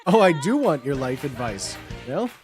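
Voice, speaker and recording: A man's voice: mid-range voice, big pitch swings, moderate pace, music in the background. A man hosting a livestream and chatting casually with viewers, rambling and playful, packing his talk with "like" and restarts. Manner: playful and jokey. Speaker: livestream host.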